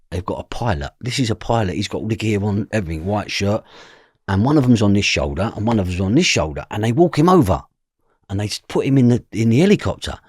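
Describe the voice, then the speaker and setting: A man with a broad East London accent, his voice husky and low. He tells his stories with a lot of up and down in his pitch and jumps into the voices of the people in them. The sound is close and dry. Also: dry recording. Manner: animated storyteller acting out other people's voices. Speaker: podcast guest. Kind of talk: storytelling interview.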